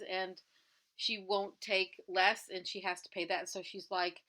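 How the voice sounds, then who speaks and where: A woman's voice: medium pitch, level tone, a little slow, vocal fry, bright, forceful tone. A woman who resells clothing, chatting through a TV episode recap and acting out the characters' lines as she retells them.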